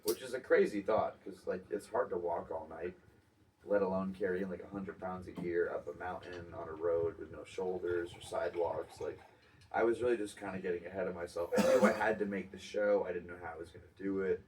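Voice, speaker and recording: A young man tells a rambling road-trip story in a deep, low voice, laid-back and swearing. He sits a little off the mic, and a faint room noise hums behind him. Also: steady tone, brisk, darkish tone, far from the mic, poor audio. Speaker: podcast host telling a story. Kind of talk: casual storytelling.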